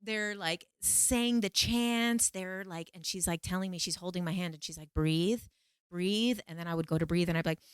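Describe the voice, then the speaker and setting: A woman vlogger telling a personal story to camera in a casual, animated, emphatic way. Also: fairly low pitch, fairly quick, few pauses, clear, resonant tone, no echo, clean studio sound. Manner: animated, emphatic, repeats phrases for effect.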